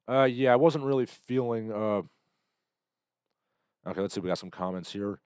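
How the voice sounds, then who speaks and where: Sardonic male streamer, low pitch, dry close sound, rambling chat-reading host. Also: normal speed, clean tone, dry recording. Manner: rambling, sardonic, bursts into loud impressions. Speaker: livestream host. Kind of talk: casual commentary reading chat comments.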